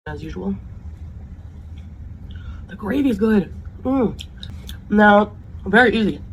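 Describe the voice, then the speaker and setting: A woman's voice: medium pitch, lively intonation, slow pace, slight background noise, rough recording. Woman chatting while eating on camera. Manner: chatty, savoring food. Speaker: mukbang host. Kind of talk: eating-show chat.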